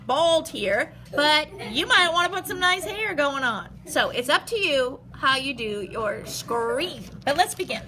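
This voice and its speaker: Bright, high-voiced art teacher woman. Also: a little hiss or hum. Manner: animated, expressive, speaks simply to young kids. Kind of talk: step-by-step drawing lesson for children.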